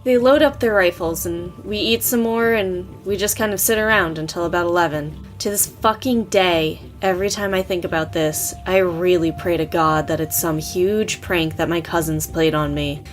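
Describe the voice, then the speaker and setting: A woman's voice: on the low side, normal speed, few pauses, soft background music. A woman co-hosting a podcast, reading a scary story aloud in a casual, profane way. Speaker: podcast co-host.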